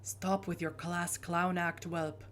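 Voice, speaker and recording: A woman's voice: fairly low pitch, little pitch movement, slow pace, slight background noise. A woman voicing a composed, stern male vampire sheriff who speaks in a cold, formal, clipped way.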